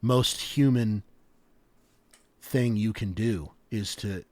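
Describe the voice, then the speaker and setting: Young guy podcasting, rambly and excited, lots of likes and ums, dry close sound. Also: lowish voice, slow, no room sound. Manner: rambling, animated storyteller with many fillers. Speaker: podcast co-host. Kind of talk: casual chat.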